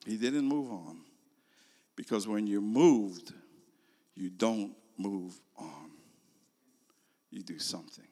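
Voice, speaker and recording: An older man preaching a sermon, telling a story slowly and moving between loud emphasis and hushed, near-whispered lines. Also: fairly low pitch. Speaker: pastor. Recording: long reverb of a large hall.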